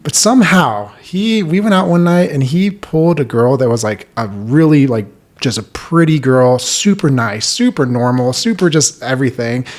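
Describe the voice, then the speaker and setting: A man's voice: mid-range voice, expressive, moderate pace, hardly any pauses. A man in his thirties, a podcast host, candidly telling a personal story in an earnest, rambling way full of "like". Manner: earnest, rambling, heavy use of "like".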